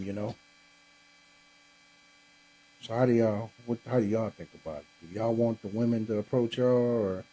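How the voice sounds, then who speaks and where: Laid-back male podcast host, tired, low husky voice, casual chat with viewers, slight electrical hum. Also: mellow, poor audio. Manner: laid-back, talks straight to viewers, says y'all. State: tired, yawning. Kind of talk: casual live-stream chat. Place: home room with a Christmas tree.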